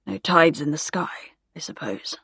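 A woman voicing a formal, diffident male Victorian naval officer who speaks with courteous, halting, old-fashioned phrasing. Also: high voice, expressive, a bit bright, slightly rough, dry recording, exaggerated voice. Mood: wary, subdued.

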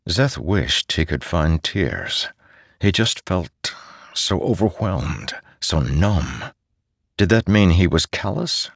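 A man reading an audiobook as a narrator, in a measured, steady manner. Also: deep voice, husky, no echo, studio quality. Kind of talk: scripted narration.

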